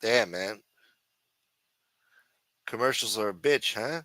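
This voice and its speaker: A man's voice: fairly low pitch, takes it slowly, sharp tone, dry recording. A man hosting a casual livestream show, rambling and teasing with plenty of profanity. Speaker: show host.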